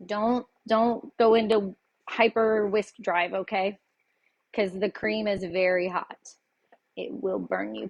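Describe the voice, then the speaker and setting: A woman hosting a casual cooking demonstration in her home kitchen, chatty and folksy, often laughing and talking straight to her viewers. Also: mid-range voice. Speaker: cooking show host.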